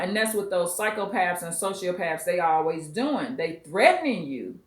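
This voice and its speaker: A woman from the US West Coast hosts a commentary vlog, reacting to a clip bluntly and emphatically with some profanity. Her voice is on the low side and animated, delivered at a moderate pace. The recording has a roomy echo.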